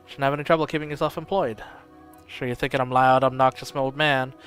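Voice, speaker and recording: Man voicing a gruff old retired nobleman, blustery, barking, faint music in the background. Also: medium pitch, fairly even intonation, fairly quick, fairly bright tone, natural voice. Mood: gentle. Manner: blustery, barking, swears often.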